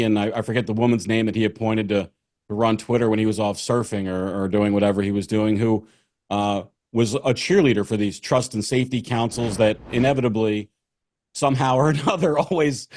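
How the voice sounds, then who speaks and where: A man's voice: fairly low pitch, darkish tone, no echo, clean studio sound. A man, a lawyer appearing as a guest, arguing his point firmly and earnestly in a political discussion. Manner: earnest, many fillers and restarts, argues firmly.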